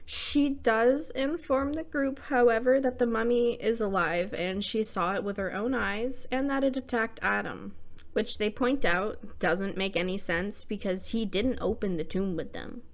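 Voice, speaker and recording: A woman's voice: fairly high pitch, measured pace, vocal fry. A young woman hosting a scripted horror movie recap, irreverent and slangy, dropping muttered asides.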